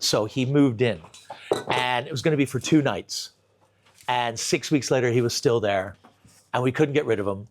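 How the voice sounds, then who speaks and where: A male comedian guest telling stories in casual conversation, animated and acting out the people he quotes. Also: medium pitch, background noise. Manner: animated storyteller, quick to act out quotes.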